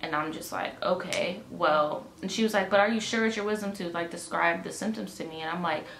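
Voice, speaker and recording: Young woman vlogger, profane and exasperated, jaw in pain, slightly low voice, echoey home room with faint background hiss. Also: brisk, vocal fry. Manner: exasperated, profane, animated retelling with quoted dialogue. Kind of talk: casual storytime vlog. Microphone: camera mic.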